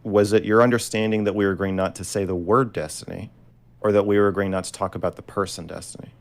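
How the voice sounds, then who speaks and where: A man with a very low, heavy voice cross-examines his opponent in an online debate. He is insistent and repeats his questions. Now and then he pushes his voice up loud. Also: level tone, fast.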